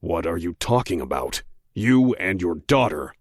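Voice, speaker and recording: A man narrating an audiobook voices a cold, controlled male federal agent who speaks slowly and quietly threatens. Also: very animated, no room sound, studio quality, heavily acted. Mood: cold, insistent. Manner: slow, low, quietly threatening.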